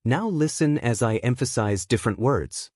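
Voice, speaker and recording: A man co-hosting a language-learning podcast, giving clear, measured scripted explanations. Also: medium pitch, expressive, darkish tone, no echo, studio quality. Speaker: podcast co-host. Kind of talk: scripted teaching talk.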